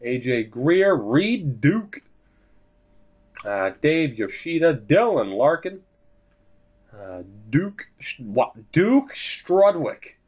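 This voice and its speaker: A young man casually commentating his hockey video game, joking and swearing, swinging from low mutters to sudden shouts. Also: sing-song, drawn-out words, breathy edge, highs cut off. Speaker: gaming commentator.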